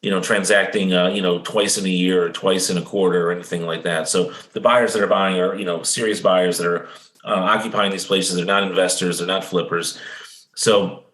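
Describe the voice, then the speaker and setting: Male economist guest: fast, confident lecturer, fairly low voice, recorded in an echoey room. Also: steady tone, fairly bright tone. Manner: fast, confident, lecturing, seeks agreement with "right?". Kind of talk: explanatory interview talk.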